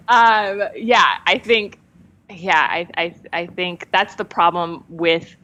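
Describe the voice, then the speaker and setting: A woman's voice: fairly low pitch, drawn-out words, pushed and bright. A woman guest talking candidly in a casual conversation, laughing often and shifting her pace. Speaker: podcast guest.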